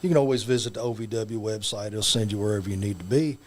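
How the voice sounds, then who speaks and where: A man's voice: fairly low pitch, fast, a little mellow, slight background noise. A man, a wrestling guest, telling a folksy joke and hyping a match in an easygoing drawl. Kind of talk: folksy storytelling and promo talk.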